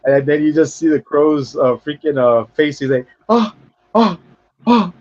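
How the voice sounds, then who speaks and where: A man casually retelling a film scene for a podcast, rambling and profane, stumbling over words and jumping into high voices to act out characters. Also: steady tone, moderate pace, a little mellow, lo-fi sound. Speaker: podcast co-host. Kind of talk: casual film review chat.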